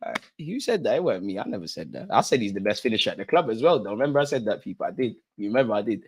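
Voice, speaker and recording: A man's voice: on the low side, big pitch swings, rapid-fire, hardly any pauses, a little mellow, breathy edge. A young man hosting a live football watch-along, reacting as a partisan fan and talking straight to his viewers in street slang. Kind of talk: live fan commentary on a match.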